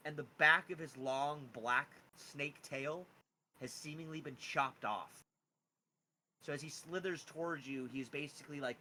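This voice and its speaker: A man narrating as game master of a tabletop game, animated and lively with frequent rising emphasis. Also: rough recording. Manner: animated, pitch jumping on key words.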